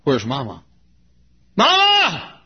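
A man voicing a small boy who shouts and cries high for his mother, on a lo-fi recording. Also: normal speed, husky. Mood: panicked wailing.

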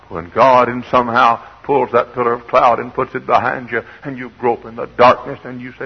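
An older man preaching a sermon, swinging from quiet asides to shouted exhortation, on an old recording. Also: mid-range voice, normal speed, slightly rough, highs cut off. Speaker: pastor.

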